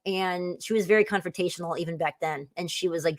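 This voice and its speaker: A woman's voice: fairly low pitch, fast, no echo. A woman in her forties chatting as a guest, telling rambling, laughing stories with lots of fillers. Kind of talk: casual chat, storytelling.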